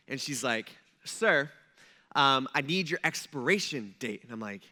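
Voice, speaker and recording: A man's voice: medium pitch, a little fast, sharp tone. A man preaching a conversational sermon in a church, telling stories and acting out quoted asides. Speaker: pastor.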